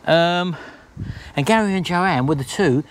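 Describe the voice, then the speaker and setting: Man, middle-aged, chatty, rambling, jokey, slightly high voice. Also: a little slow. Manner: chatty, rambling, jokey, calls wife baby. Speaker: vlogger host. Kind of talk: casual chat to camera.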